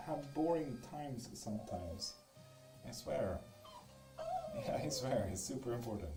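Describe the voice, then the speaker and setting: A man's voice: medium pitch, animated, unhurried, pauses often. A man from Sweden reading tarot on a live stream at home, chatting casually with viewers in a teasing way and swearing freely. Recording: roomy echo with music behind.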